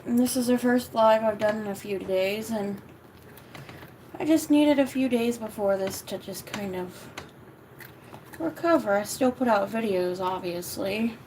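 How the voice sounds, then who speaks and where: A woman chats on her livestream in a sluggish, worn-out way, dragging her words slowly. Her voice sits a bit high, she swears casually, and her talk drifts into sing-song baby talk for her pet. A faint hiss of noise sits under the camera mic. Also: mellow, rough recording. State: lethargic. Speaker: YouTuber hosting a livestream.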